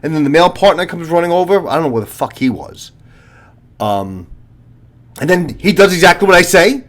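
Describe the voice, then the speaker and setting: A man's voice: on the high side, expressive, a little fast. A retired police officer in his fifties, a channel host talking to viewers in a blunt, profane, lecturing monologue.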